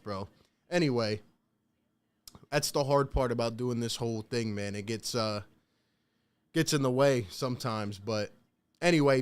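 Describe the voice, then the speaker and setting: A man's voice: fairly high pitch, smooth. A young man hosting a casual live stream, calling play-by-play and reacting, talking slangy and straight to his chat from a home setup.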